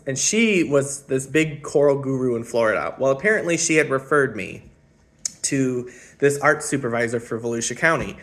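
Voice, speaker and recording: A man in his thirties telling his own life story in a casual, rambling, reflective way, often pausing with ums. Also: mid-range voice. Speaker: spiritual channeler and former music teacher.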